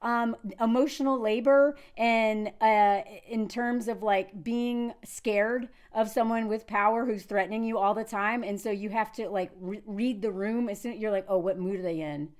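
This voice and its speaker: Animated woman, high-ish voice. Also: measured pace, few pauses. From Nashville, Tennessee, US. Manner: animated, laughs often, restarts sentences. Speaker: video commentator. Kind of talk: casual commentary to camera.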